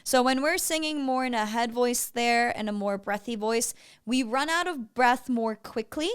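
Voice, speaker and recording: A woman's voice: fairly high pitch, moderate pace, clean tone. A woman vocal coach giving feedback on a student's singing, breaking into short sung syllables to demonstrate. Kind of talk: vocal evaluation commentary.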